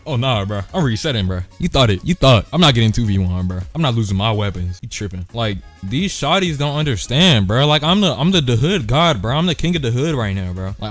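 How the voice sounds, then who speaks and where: A young man giving casual gameplay commentary, excitable and slangy, yelping and shouting in fights. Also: medium pitch. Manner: slangy, tags lines with "bro". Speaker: gaming streamer.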